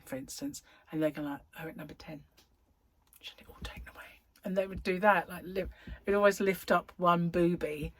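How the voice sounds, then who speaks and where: A woman's voice: on the low side, slightly rough. A middle-aged woman, a crochet vlogger, chatting casually to her viewers and telling stories with laughter. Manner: chatty, laughing, animated storyteller.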